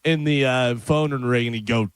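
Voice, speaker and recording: A man hosting a radio show, chatting casually and telling animated stories with frequent laughs. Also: mid-range voice, normal speed, clear, resonant tone, dry recording. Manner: animated storyteller, laughs often. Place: radio studio. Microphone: studio microphone.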